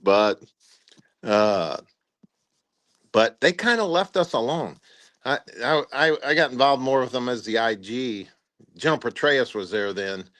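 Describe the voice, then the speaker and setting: An older man spins loose army anecdotes in a relaxed interview, his voice sitting in an ordinary middle register. He stumbles through restarts and "uh" fillers, then slips into quick impressions of the people he quotes. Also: mid-range voice. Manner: rambling anecdotes with acted-out quotes and many "uh" fillers. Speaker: retired brigadier general telling war stories. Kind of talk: casual storytelling interview.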